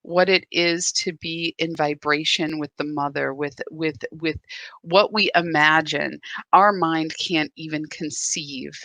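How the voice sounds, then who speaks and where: A woman's voice: low-pitched, steady tone, slow pace, bright, forceful tone, no room sound. A woman hosting a live spiritual practice, talking candidly and emotionally into her phone, often stopping and restarting her thoughts. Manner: emotional, searching, many restarts. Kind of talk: candid live-stream talk.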